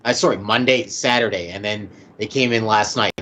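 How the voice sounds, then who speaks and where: A man's voice: fairly low pitch, a little fast. A man from Winnipeg co-hosting a sports talk show, playful and provocative. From Winnipeg, Canada. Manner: playful, teasing, provocative, animated. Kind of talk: casual sports chat. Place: indoors, dressed in shirt and tie.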